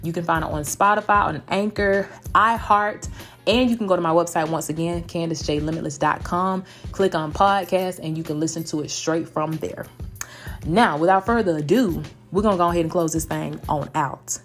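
A woman, hosting a motivational solo podcast in an animated, emphatic way, full of endearments. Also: lowish voice, faint music behind. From United States. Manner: fast-talking. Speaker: podcast host.

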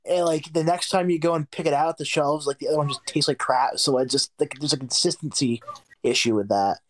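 A man's voice: on the high side, brisk. A man co-hosting a casual podcast, talking loosely with lots of likes and fillers. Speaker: podcast co-host. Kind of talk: casual chat.

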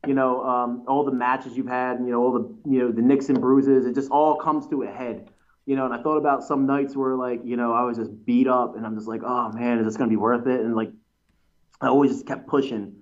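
A man's voice: medium pitch, flat delivery, a little fast. Male pro wrestler, casual interview, meandering storyteller with fillers; slightly dull recording. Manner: rambling storyteller, many fillers and restarts. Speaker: pro wrestler, tag team champion.

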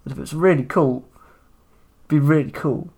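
A man's voice: on the high side, moderate pace, creaky, a little mellow. A man co-hosting a podcast, chatting casually about a TV episode, laughing often and rambling with restarts. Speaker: podcast co-host. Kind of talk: casual chat recapping a TV episode.

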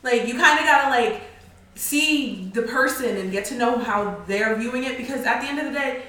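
A woman on a podcast talks through her view earnestly and thoughtfully. Her voice is fairly high and sits back from the mic in a strongly echoing room. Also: moderate pace, sharp tone, recorded from a distance. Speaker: podcast co-host. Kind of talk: casual chat.

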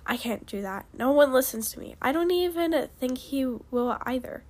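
A woman's voice: high-pitched, animated, normal speed, darkish tone. Polite, stiff dragon bodyguard, hesitant and formal, read by a woman.

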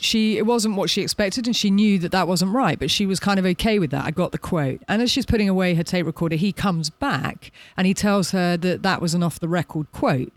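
A man with a high voice co-hosts a casual podcast chat. He retells events with animation and often acts out quoted lines. The sound is dry and close. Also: no room sound. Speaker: podcast co-host. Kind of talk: casual chat recounting a documentary.

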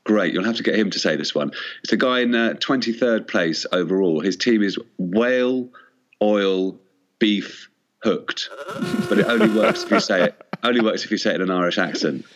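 A man's voice: fairly low pitch, quick pace, a bit bright, muffled recording, a little hiss or hum. A man chatting as co-host on a casual radio sports show, easily amused.

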